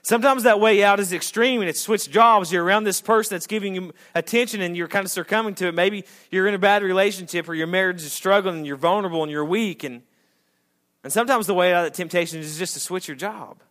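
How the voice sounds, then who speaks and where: A married man preaching a sermon to a congregation, speaking casually and swinging from loud emphatic lines to quiet asides. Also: high voice, fast. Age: adult, married. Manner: conversational preacher, rising to emphatic peaks and dropping to quiet asides. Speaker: pastor. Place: church sanctuary before a congregation.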